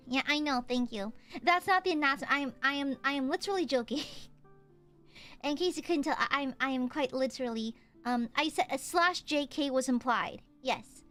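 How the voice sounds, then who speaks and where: A young woman with a high, bright voice chats playfully on a livestream, tossing out repeated greetings and jokes. Her throat sounds a little hoarse and sore. Faint music plays behind her. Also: moderate pace. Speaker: VTuber streamer. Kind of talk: casual livestream chat.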